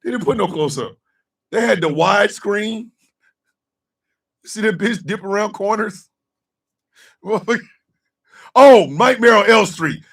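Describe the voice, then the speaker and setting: A man chatting loosely with his livestream chat, telling a story loudly and profanely and often breaking into laughter. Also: high voice, animated, takes it slowly, pauses often, recorded from a distance.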